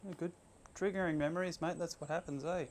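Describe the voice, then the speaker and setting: Australian man reassuring, slightly high voice. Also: steady tone, fast talker, slight background noise. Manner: encouraging, brief reactions. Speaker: interviewer. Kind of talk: casual chat.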